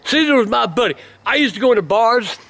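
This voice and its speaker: A cantankerous older man with a high-pitched voice rambles through a story in casual on-camera chat. He curses constantly, loses his thread and barks at anyone who cuts in. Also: lively intonation, quick pace, gravelly, a bit bright, no echo. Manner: profane, rambling and cantankerous, snapping at his son. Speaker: grandfather telling family stories.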